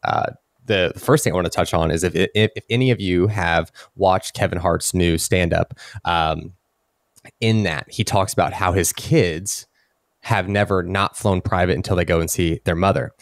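A deep-voiced man co-hosting a casual podcast. He rambles through his points with frequent fillers and false starts. The sound is close and dry. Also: moderate pace, no echo. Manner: rambling, many fillers and restarts. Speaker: podcast co-host.

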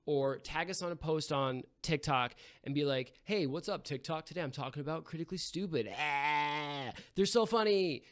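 A man's voice: on the high side, moderate pace, hardly any pauses, fairly bright tone, close to an everyday voice. A man putting on a brash young fraternity bro reading a comedic sponsor plug, rambling and calling everyone bro. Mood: bro-ish hype. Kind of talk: comedic sponsor read in character.

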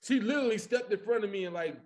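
Male comedian guest from Chicago; high-pitched, animated, profane storyteller. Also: racing. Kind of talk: casual podcast chat.

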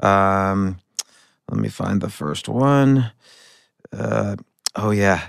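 A man's voice: on the low side, extremely slow, vocal fry, clear, resonant tone, dry recording, clean studio sound. A middle-aged man hosting a podcast, telling a story in a rambling, self-correcting way. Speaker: podcast host. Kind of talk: casual conversational interview.

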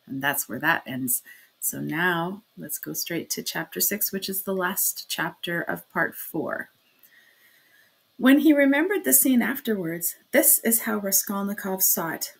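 A woman reading a classic novel aloud, steady in her narration, with casual asides to listeners. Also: fairly low pitch, unhurried, creaky, breathy edge. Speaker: audiobook reader.

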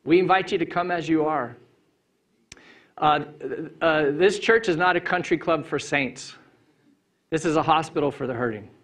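A middle-aged man preaching an Easter sermon as pastor in a church, relaxed and playful, with big swings in pitch and loudness. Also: normal speed, long pauses. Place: church sanctuary. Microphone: handheld mic.

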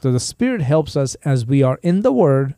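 A man's voice: medium pitch, normal speed, no echo. A middle-aged man, a pastor hosting a podcast, chatting casually and acting out voices as he tells stories. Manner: animated storyteller who acts out voices in quotes. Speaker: pastor and show host. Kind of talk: casual podcast chat with storytelling.

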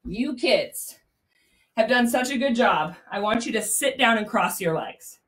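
A woman's voice: on the high side, expressive, unhurried, a bit bright. A young woman leading a children's yoga class at home, coaxing and sing-song. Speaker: kids' yoga teacher. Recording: voice a bit far from the mic.

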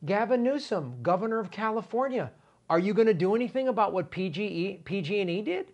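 A middle-aged man hosting a political commentary show, talking in an animated, indignant way with emphatic repetitions. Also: high-pitched, a little fast.

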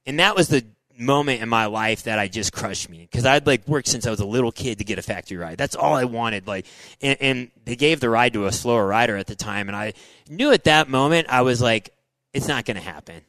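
A middle-aged man, a former motocross racer, telling animated stories as an interview guest, full of "like" and "dude" and acting out his own past thoughts. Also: mid-range voice, no echo, poor audio. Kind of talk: animated storytelling in casual interview.

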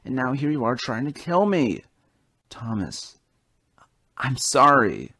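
A man's voice: mid-range voice, sing-song, slow, bright, forceful tone, slightly rough, no room sound, studio quality, pitched above the performer's own voice, heavily acted. A man voicing a scheming engine in a toy train story who stammers and pleads, now sorry for his deeds. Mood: earnest.

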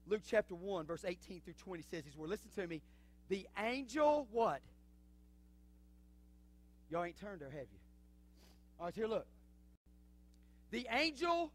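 A male pastor preaching a sermon in a church, swinging from low, quiet talk to fervent shouting. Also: very animated, moderate pace, long pauses, dry recording. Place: church sanctuary.

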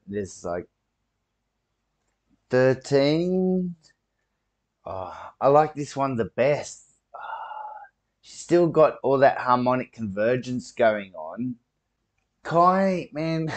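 A man's voice: mid-range voice, darkish tone. A man giving casual reaction commentary on an episode, chatty and swearing freely. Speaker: video reactor.

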